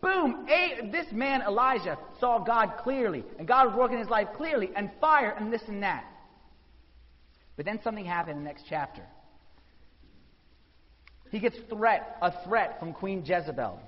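Male preacher, high voice, animated storytelling, dull sound, long hall reverb. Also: moderate pace, long pauses. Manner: animated storytelling, acting out quotes. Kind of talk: sermon.

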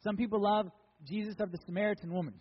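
A man's voice: sits high, fairly even intonation, fast, big-room sound, muffled recording, a little hiss or hum. A man preaching as a pastor, conversational and joking with emphatic lines. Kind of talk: sermon.

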